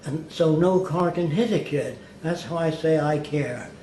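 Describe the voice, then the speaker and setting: An older man being interviewed, telling stories slowly and deliberately and acting out what other people said. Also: fairly high pitch, dark tone. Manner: deliberate, slow-paced storyteller who mimics others' words. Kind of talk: anecdotal storytelling. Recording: echoey room with faint background noise.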